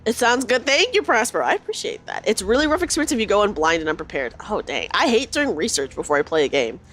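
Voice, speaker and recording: A woman streaming a story game, chatting excitedly and reading the character lines aloud. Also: medium pitch, quick pace.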